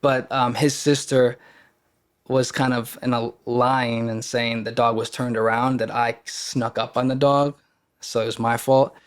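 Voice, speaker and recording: A man's voice: mid-range voice, little pitch movement, a little slow, smooth. A man, a podcast guest, telling a personal story in a casual, earnest and openly emotional way.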